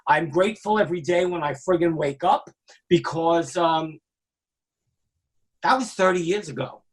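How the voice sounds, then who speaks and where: A man, telling wild stories in a casual interview, animated and swearing freely. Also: a little high, moderate pace. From Brooklyn, New York. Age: 60s. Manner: animated, acts out quoted voices, swears freely. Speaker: guest, music industry veteran.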